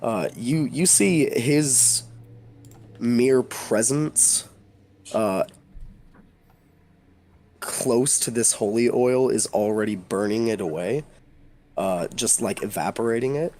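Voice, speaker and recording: A man narrating as game master, describing scenes in a halting way with many fillers. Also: medium pitch, a little mellow.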